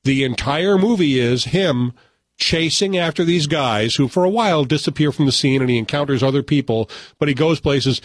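A man hosting a radio chat, retelling and reviewing a movie in an animated, laughing way. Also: a little high, moderate pace, dry recording. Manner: animated storyteller, laughs often. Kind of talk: casual chat.

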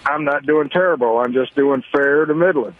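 A man calling in to a radio show, telling a folksy story in an unhurried way. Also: mid-range voice. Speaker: caller. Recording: dull lo-fi phone line.

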